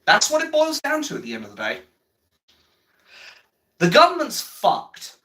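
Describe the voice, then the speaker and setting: A man's voice: very high voice, wildly swooping pitch, unhurried, pushed and bright. A man on a livestream, ranting bluntly about politics with plenty of swearing and repetition, stopping to answer viewer chat. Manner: blunt, heavy swearing, repeats himself.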